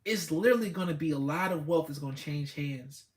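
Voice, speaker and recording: A man's voice: fairly high pitch, a little fast. A man giving a blunt, preachy motivational talk with speech, repeating himself for emphasis. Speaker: host.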